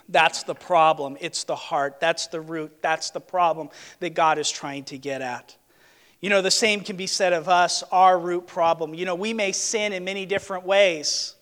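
A man's voice: sits high, moderate pace, fairly bright tone, big-room sound. A man preaching a sermon in a church, earnest and emphatic, repeating his key words. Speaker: pastor. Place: church sanctuary, on a platform.

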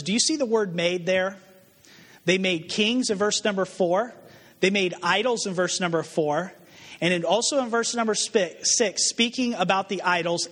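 A man preaches to his congregation in a high voice, throwing out rhetorical questions and acting out the people he quotes. His words ring with the long reverb of a large hall. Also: a bit bright. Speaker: pastor. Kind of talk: sermon.

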